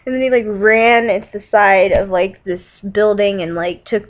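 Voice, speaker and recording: Vlogging about movies, this teen girl chats at a moderate pace with fairly even intonation in a mid-range voice. She rambles, fills her speech with "like" and "um," and slips in giggly asides, all over dull lo-fi webcam audio.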